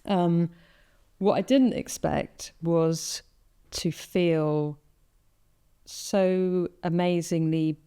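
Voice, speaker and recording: Smooth, low-voiced woman podcast host. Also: very slow. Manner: animated storytelling, acting out her own thoughts. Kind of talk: casual conversation.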